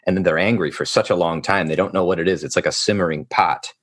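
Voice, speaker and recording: A man's voice: sits low, quick pace, fairly bright tone, breathy edge, no echo. A male therapist hosting a podcast interview, talking in a thoughtful, rambling way with many fillers and restarts. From United States.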